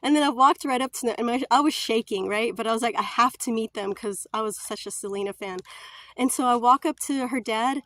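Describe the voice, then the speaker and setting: Chatty woman, slightly high voice. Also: fairly quick, fairly bright tone, dry recording. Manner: chatty, laughs often, playful. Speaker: vlogger. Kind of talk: casual storytime vlog.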